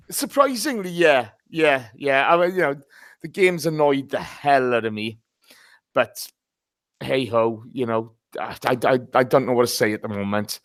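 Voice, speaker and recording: A man's voice: mid-range voice, a little slow, fairly bright tone, no echo, clean studio sound. A man hosting a casual football podcast, chatty and greeting listeners by name. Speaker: podcast host.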